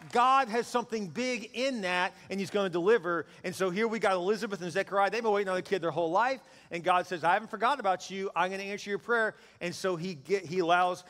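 A man preaching a sermon to a congregation, lively and joking, building to loud peaks. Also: sits high. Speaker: pastor. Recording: long hall reverb.

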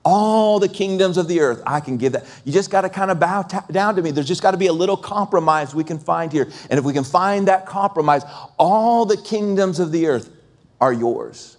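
A man voicing the devil as a smooth tempter who bargains for a little compromise. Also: high-pitched, animated, normal speed. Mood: coaxing. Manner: wheedling, bargaining.

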